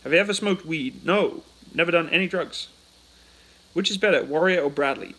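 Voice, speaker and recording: Bright, chatty British man hosting a livestream. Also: a little high, normal speed, slightly rough, rough recording. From United Kingdom. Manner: chatty, reads out chat questions then answers. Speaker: livestream host. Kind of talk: casual live chat answering viewer questions. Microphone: phone.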